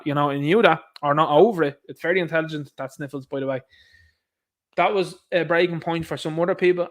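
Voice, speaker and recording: Indignant Irish man ranting on a stream. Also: fairly high pitch. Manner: indignant, sarcastic, addresses listeners as lads. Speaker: livestream host. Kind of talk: ranting livestream commentary.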